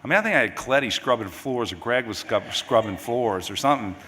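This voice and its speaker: A grieving middle-aged father, close to tears, eulogizes at a memorial service in a big hall, speaking through a podium microphone. His speech halts and rambles with frequent restarts, his medium-pitched voice animated and sharp in tone. The recording carries hall reverb and faint background noise.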